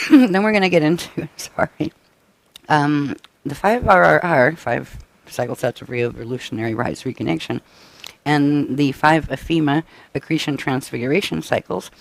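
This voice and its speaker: A man presenting a live-stream workshop briefing, tired and coughing, with his voice giving out and frequent halting restarts. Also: medium pitch, gravelly, no echo. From United States. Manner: tired, up all night.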